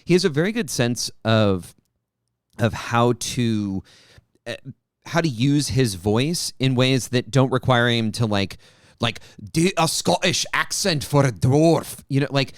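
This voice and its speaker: A man's voice: medium pitch, animated, unhurried, dry recording, clean studio sound. A man co-hosting a podcast, giving earnest advice on tabletop game voices and repeating words as he builds his point. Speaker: podcast co-host. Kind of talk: casual podcast discussion.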